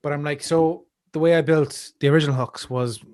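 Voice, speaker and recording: A man's voice: a little high, fairly even intonation, brisk, a little mellow, no echo, studio quality. An Irish man co-hosting a marketing podcast, telling stories in a blunt, jokey, casual way. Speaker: podcast co-host. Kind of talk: casual chat. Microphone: podcast mic.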